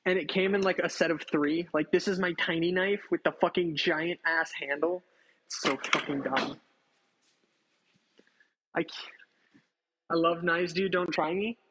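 A man cooks at home while casually addressing his livestream chat, swearing often and teasing himself. His fairly high, fairly bright voice stays steady at a moderate pace with frequent pauses. The recording is rough, with slight background noise.

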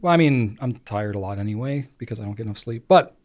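A man near forty co-hosting a podcast, chatting in an easygoing, agreeable way with quick asides. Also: lowish voice, expressive, darkish tone. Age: 30s. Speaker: podcast co-host. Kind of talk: casual chat.

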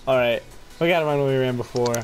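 A young man giving excited play-by-play while gaming, jumping between loud shouts and laughter and low muttering. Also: fast. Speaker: gaming video host. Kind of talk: excited gameplay commentary. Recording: game music underneath.

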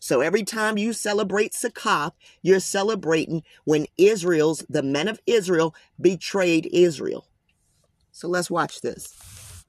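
A man's voice: high-pitched, measured pace, dry recording. A man reading scripture aloud and commenting on it in a casual, emphatic way, often addressing listeners as guys. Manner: emphatic, slangy asides. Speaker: Bible commentator.

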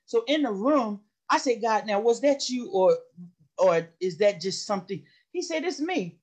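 A woman's voice: a little high, lively intonation, normal speed, a little mellow, husky. A middle-aged woman sharing a personal testimony in an impassioned, storytelling way. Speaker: study session participant.

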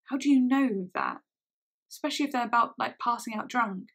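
A woman speaking in a storytime vlog, her voice gravelly with vocal fry and a husky edge. She talks haltingly, often breaking off and restarting her sentences. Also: on the high side. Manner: halting, hesitant speech with many restarts. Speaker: vlogger.

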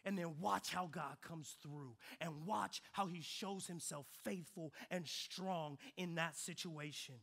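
A young adult pastor with a slightly high, gravelly voice preaches slowly with few pauses, recounting a childhood story. He swings between quiet, reflective stretches and loud, excited ones.

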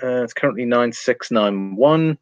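A man's voice: mid-range voice, lively intonation, normal speed, no echo. A man hosting a casual live stream, reading viewer comments aloud and talking through price charts, laughing often.

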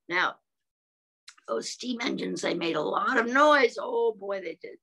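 A woman reading and singing to young children in a gentle voice, often asking them questions and clearing her throat. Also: on the high side, animated, unhurried. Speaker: children's storyteller.

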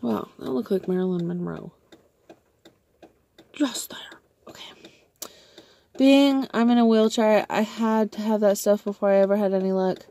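A woman's voice: mid-range voice, normal speed, gravelly, long pauses. A woman chatting on a live stream from inside a car on a rainy night, joking, swearing and laughing a lot into her phone. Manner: excitable, jokey, swears, laughs often. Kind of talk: casual live-stream chat. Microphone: phone held in hand.

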